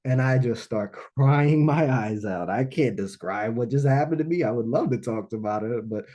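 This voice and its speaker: The recording is muffled as a medium-pitched man, speaking at normal speed, tells an animated personal story to a live business launch audience. He often checks in by asking "right?"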